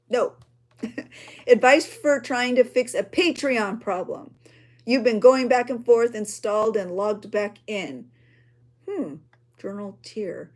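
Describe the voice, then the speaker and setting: Crafting during a livestream, this junk journal creator chats casually, reading viewer comments aloud and responding with gasps and exclamations. She is an adult woman with a child, and she speaks slowly in a voice that is a little high.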